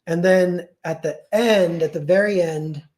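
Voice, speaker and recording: A man's voice: sits high, unhurried, a little mellow. A man casually retelling a folk tale on a livestream, rambling and full of "like" and self-corrections. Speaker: streamer.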